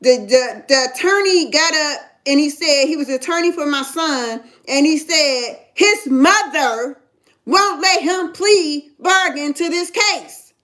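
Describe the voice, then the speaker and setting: A woman's voice: high voice, animated, a little slow, a bit bright. A middle-aged woman telling her own story in casual talk, emphatic and often checking that the listener understands. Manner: emphatic, keeps asking "you understand?". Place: in Ohio.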